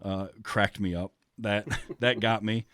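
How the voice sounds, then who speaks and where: Low-voiced man hosting a chatty film podcast. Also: steady tone, takes it slowly, fairly bright tone, no room sound, clean studio sound. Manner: chatty, many fillers and restarts. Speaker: podcast host. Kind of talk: casual film discussion.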